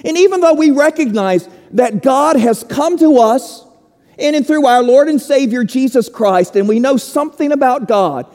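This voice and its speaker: A man preaching a sermon slowly and emphatically, with dramatic pauses. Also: very high voice, lively intonation, darkish tone, in a large hall. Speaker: pastor.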